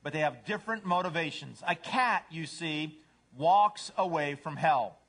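Middle-aged male pastor, sermon delivery, very lively melody, slightly high-pitched, acts out silly voices. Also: unhurried. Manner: animated, puts on voices for cats and dogs.

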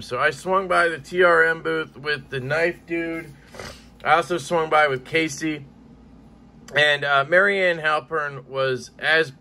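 A man with a fairly high, bright, forceful voice, chatting in a loose, rambling vlog style. He swears casually and drifts from one thought to the next. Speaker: knife collecting vlogger. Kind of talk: casual chat.

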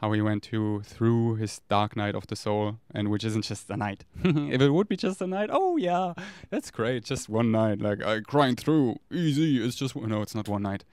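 A man rambles candidly, swearing freely as he talks. His voice is smooth and clear. It sounds dry and close, with no room echo. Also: fairly low pitch, animated, moderate pace, hardly any pauses, a little mellow. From Germany. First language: German. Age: 30s. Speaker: vlogger. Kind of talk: casual confessional monologue.

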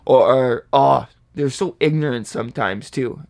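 A man's voice: medium pitch, a little slow, gravelly, few pauses. A man hosting a reaction video, chatting casually and whooping at lines he likes. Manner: excitable, hypes bars with whoops and laughs.

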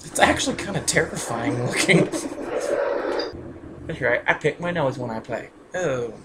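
Goofy slow-talking woman gamer. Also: extremely low pitch, lively intonation, very noisy. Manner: goofy, giggly and rambling. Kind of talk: casual gameplay commentary.

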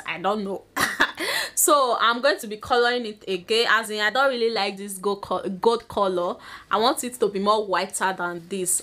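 A woman's voice: medium pitch, a bit bright. A young woman with a Nigerian English accent, chatting casually to her camera in a vlog and giggling often. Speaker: vlogger.

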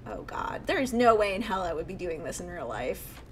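A woman's voice: on the low side, very animated, fairly quick, a little hiss or hum, low-quality recording. A young woman giving casual gameplay commentary, chatty and often talking under her breath. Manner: chatty, reacts aloud, often hushed. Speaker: let's play host.

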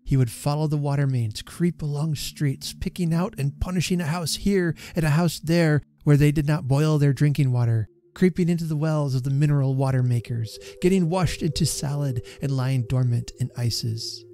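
Warm-voiced male storyteller. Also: fairly high pitch, normal speed, few pauses. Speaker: reader and channel host. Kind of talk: storytelling reading.

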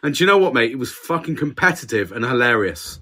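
A man's voice: mid-range voice, sing-song, fast talker, pushed and bright. A man co-hosting a podcast, talking candidly and swearing in casual banter. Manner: sweary, candid, self-deprecating. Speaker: podcast co-host.

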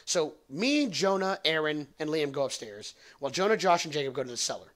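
Animated and a little fast, the young man's voice is slightly high with a fairly bright tone. As a podcast host he wanders through a long, profane, jokey story, laughing at what he says.

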